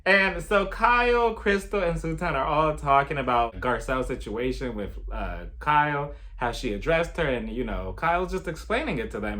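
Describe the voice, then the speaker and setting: Sassy, animated male vlogger. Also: fairly high pitch. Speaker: TV recap vlogger. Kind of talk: casual reality TV recap.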